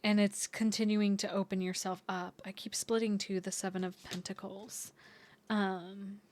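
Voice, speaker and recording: Female tarot reader, dreamy and searching, mid-pitched voice. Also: little pitch movement, measured pace, a little mellow. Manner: dreamy, searching, many fillers and restarts. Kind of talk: intuitive tarot reading to viewers.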